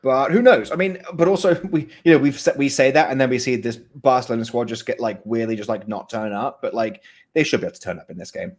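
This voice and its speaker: A man's voice: mid-range voice, quick pace. Rambling, chuckling male podcast co-host. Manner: rambling, self-correcting, laughs often. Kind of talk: casual chat about soccer betting.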